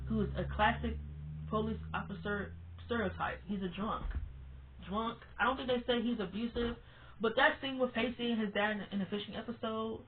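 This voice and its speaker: A woman's voice: fairly high pitch, slight background noise. A woman reviewing a TV show in a casual vlog, blunt and emphatic, who swears freely and repeats words for stress. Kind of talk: casual opinionated vlog rant. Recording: tinny phone-like sound.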